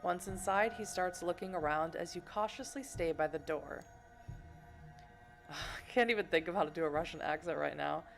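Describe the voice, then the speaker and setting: A woman's voice: fairly low pitch, normal speed, gravelly, soft background music. A woman from Boston, streaming a video game, reads the story text aloud with playful, giggly asides to chat. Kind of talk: reading game text and chatting on a livestream.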